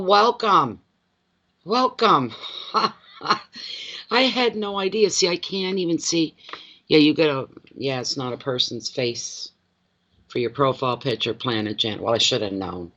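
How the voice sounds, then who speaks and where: A man, a card reader chatting casually on a livestream from home, expressive and quick to laugh, greeting viewers by name. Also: medium pitch, muffled recording. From Atlantic Canada.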